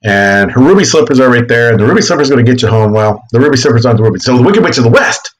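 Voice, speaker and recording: A man teaching history in a casual, animated classroom lecture, explaining with quick asides and voiced bits. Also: mid-range voice, rough recording.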